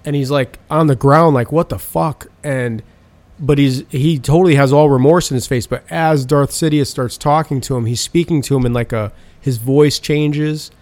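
A man's voice: medium pitch, moderate pace, no echo. Guy rambling thru a movie recap, cussing constantly, regular middle voice. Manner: profane, rambling storytelling; animated retelling of film scenes. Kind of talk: casual chat.

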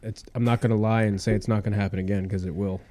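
A man's voice: lowish voice, steady tone, very fast, dark tone. A man hosting a podcast, chatting casually and joking with swearing. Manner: joking, swearing, laid-back. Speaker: podcast host. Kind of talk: casual chat.

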